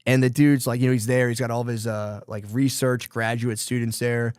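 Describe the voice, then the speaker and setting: This podcast host loosely rambles through a book's plot in casual conversation, swearing plenty along the way. He talks a little fast with a flat delivery, in a medium-pitched, smooth, slightly mellow voice, recorded dry with clean studio sound.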